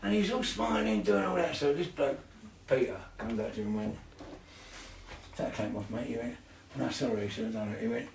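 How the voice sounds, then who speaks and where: A man's voice: mid-range voice, lively intonation, moderate pace, vocal fry. A middle-aged man telling stories in casual chat, swearing constantly and laughing through them. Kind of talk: casual storytelling. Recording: echoey room, mic at a distance.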